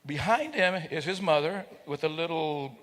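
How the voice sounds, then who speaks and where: At an event hall, a guest speaker jokes with his audience, acting out voices and sounds in his stories. He speaks at a moderate pace in a fairly high, slightly bright voice with lively intonation, and long hall reverb fills the recording.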